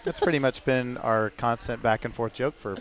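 A man's voice: mid-range voice, moderate pace. A man co-hosting a podcast as a racing driver, joking and laughing often in casual chat. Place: booth at a race track.

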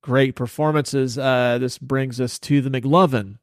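A man's voice: medium pitch, steady tone, measured pace, no room sound, studio quality. A man hosting a podcast, chatting loosely about a film with many fillers and casual swearing. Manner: loose, filler-heavy, profane. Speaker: podcast host. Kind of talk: casual movie review chat.

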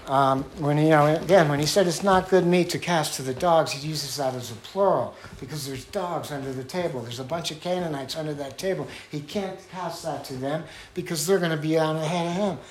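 Preaching earnestly and conversationally, this man performs the voices of those he quotes and lowers to a hushed, deep tone for important lines. His pace runs slightly quick with little pausing, over light background noise.

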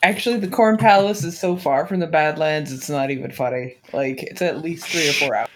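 A podcast co-host in casual chat, blunt and quick to correct others, swearing freely. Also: medium pitch.

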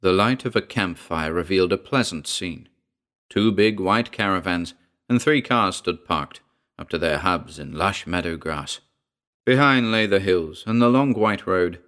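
A man narrating a short story as an audiobook, reading in a measured, even way. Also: low voice.

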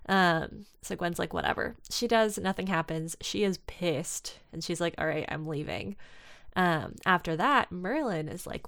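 Smooth-voiced woman recapping a story. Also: on the low side, moderate pace, no echo, clean studio sound. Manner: animated storyteller, acting out characters' lines. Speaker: podcast co-host discussing fan fiction. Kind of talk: casual chat.

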